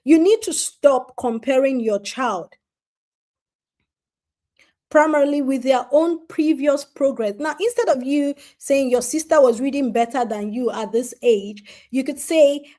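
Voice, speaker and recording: A woman's voice: sits high, a little slow, warm tone. A woman giving an earnest parenting advice talk, speaking straight to parents and repeating key points for emphasis. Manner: addresses parents directly.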